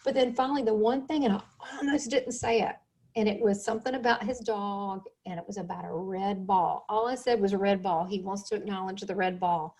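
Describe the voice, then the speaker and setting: A middle-aged woman hosting a casual interview, telling lively stories and laughing often. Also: medium pitch, brisk. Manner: animated storyteller, laughs often. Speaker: host.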